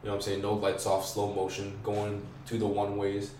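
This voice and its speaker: A man's voice: lowish voice, brisk, far from the mic. A young man telling a wild story in casual podcast talk, slangy and profane, with lots of "bro" and "like," acting out the voices and screams he describes. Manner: excitable, acts out voices and screams. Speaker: podcast guest. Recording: echoey room, away from mic, faint hiss.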